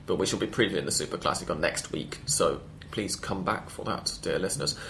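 Podcast host, male, low-ish voice, chatty and rambling, stops to fix his own facts. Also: gravelly, fairly bright tone, a little hiss or hum. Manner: rambling, stops to correct himself, quick with stats. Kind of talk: casual football podcast chat.

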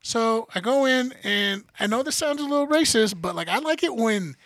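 Male podcast host, gravelly, casual and profane, acts out the characters in his story. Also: very high-pitched, lively intonation, moderate pace, a bit bright, no room sound.

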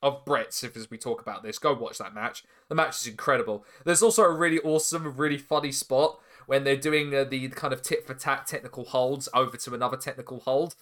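A man hosting a podcast, recapping in a casual way with animated storytelling, swearing freely and laughing often. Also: medium pitch, brisk, few pauses. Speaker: podcast host.

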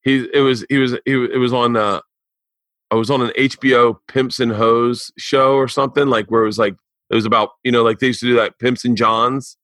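A man in his forties hosting a casual podcast and telling stories in an animated, rambling, profane way. His voice is mid-pitched and he is recorded dry and close on the mic. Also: a little fast, dry recording. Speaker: podcast host. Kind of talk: casual chat.

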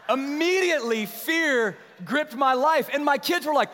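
Casting note: middle-aged male pastor with a high voice, animated storyteller who preaches with slow emphasis, long hall reverb. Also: a little hiss or hum. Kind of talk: sermon. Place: church sanctuary.

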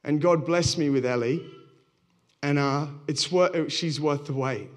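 A man's voice: a little high, unhurried. A man, a pastor, giving a sermon in a candid, self-deprecating storytelling way.

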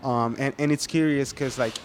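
A man hosting a podcast interview in a coffee shop, laughing often and halting with fillers. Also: medium pitch, fairly even intonation. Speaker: podcast host. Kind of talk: casual interview chat.

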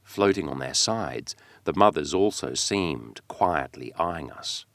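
Deep-voiced man reading a classic novel aloud. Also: takes it slowly, no room sound. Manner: expressive dramatic reading, tempo shifting with the text. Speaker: audiobook reader. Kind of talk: scripted narration of a classic novel.

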